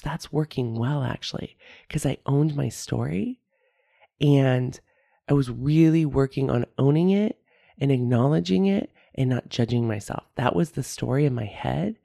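A woman's voice: a bass voice, creaky, warm tone, dry recording, clean studio sound. A woman hosting her own podcast, talking candidly about feelings, often laughing at herself and repeating key phrases. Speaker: podcast host. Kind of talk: reflective solo podcast talk.

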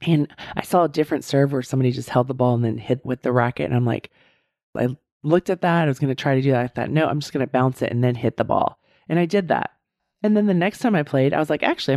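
Woman in her 50s, host of a reflective talk, mellow tone, dry close sound, earnest and repetitive for emphasis. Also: very deep voice, dry recording. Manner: earnest, repeats points for emphasis, asks "right?" often. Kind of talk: reflective motivational monologue.

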